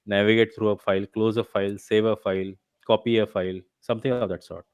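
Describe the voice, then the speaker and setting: A man's voice: on the low side, little pitch movement, quick pace, smooth, dry recording. A man teaching a live online revision session, explaining step by step and checking with his students as he goes. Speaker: instructor. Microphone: video call.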